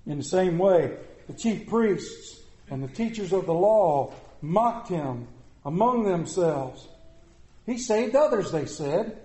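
A middle-aged man preaching a sermon, with dramatic pauses and repetition. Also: fairly high pitch, lively intonation, mellow. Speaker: pastor. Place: church sanctuary. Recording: echoey room.

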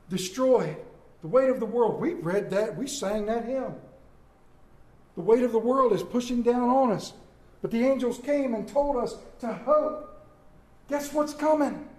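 A man preaching a sermon, telling folksy stories with animated delivery and rhetorical questions to the congregation. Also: high-pitched. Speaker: pastor. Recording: echoey room.

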